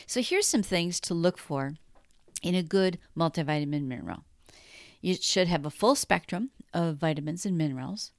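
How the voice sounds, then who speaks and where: A middle-aged woman hosting a wellness podcast, guiding breathing in a calm, soothing, encouraging way. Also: fairly low pitch, normal speed, no echo. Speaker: wellness coach and podcast host. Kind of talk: podcast monologue with guided breathing.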